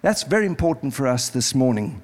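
A man's voice: mid-range voice, big pitch swings, a little fast. A man preaching as pastor in a church service, earnest and pleading, repeating phrases as he leads an altar call. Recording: music playing behind.

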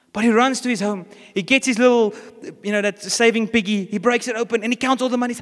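A man's voice: very high-pitched, fairly even intonation, fast talker, hardly any pauses, fairly bright tone. A man with a South African accent, preaching a sermon as pastor and telling a story with acted-out lines. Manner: storytelling, acts out characters' lines. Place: church. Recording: reverberant church hall.

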